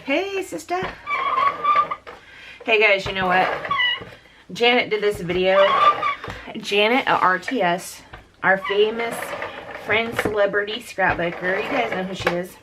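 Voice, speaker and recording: A woman's voice: mid-range voice, steady tone, unhurried, heavy background noise. A woman hosting a scrapbooking video at home, chatting casually and rambling as she works, often calling viewers "dude". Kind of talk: casual chat while crafting. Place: home craft room with door open.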